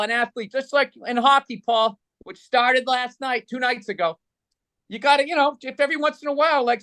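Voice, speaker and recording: A man's voice: extremely high pitch, pushed and bright, dry recording. A man co-hosting a casual sports podcast, ranting bluntly with heavy profanity and teasing his co-hosts. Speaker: podcast co-host.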